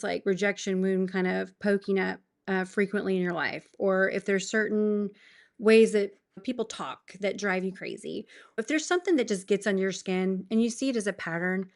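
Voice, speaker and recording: Earnest woman sharing a faith testimony. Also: medium pitch. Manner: earnest, emotional, quick bursts of enthusiasm. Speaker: podcast guest.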